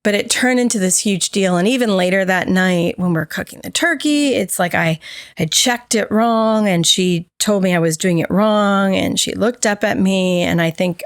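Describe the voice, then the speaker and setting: A woman's voice: medium pitch, normal speed, smooth, dry recording, clean studio sound. A woman co-hosting a podcast, candidly telling a personal story and acting out the voices of others in it. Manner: candid, animated, acts out quoted dialogue. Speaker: podcast co-host.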